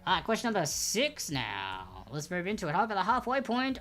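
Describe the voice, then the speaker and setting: A young Australian woman with a fairly low, sing-song voice and a fairly bright tone hosts a livestreamed trivia game from a home room with a backdrop, with faint music behind her. She speaks into a desk microphone without headphones, chatty and upbeat, reading each question slowly and with emphasis and drawing out the names.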